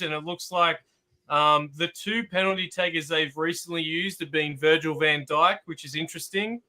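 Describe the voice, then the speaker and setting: A man with an Australian accent, a guest football analyst, talking calmly and methodically with many filler ums. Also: fairly high pitch, clear, resonant tone. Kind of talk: casual chat.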